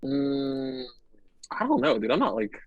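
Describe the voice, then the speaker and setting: A man's voice: medium pitch, brisk, no room sound, muffled recording. A man who plays in metal bands, chatting as a podcast guest in a laid-back, easygoing, profane way. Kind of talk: casual chat.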